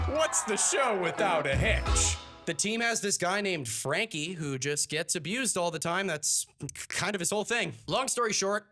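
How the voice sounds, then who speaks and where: A man hosts a comedic video commentary, full of sarcastic, joking asides. His voice is bright and fairly high, and it moves up and down with energy. A light music bed plays behind him. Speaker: host.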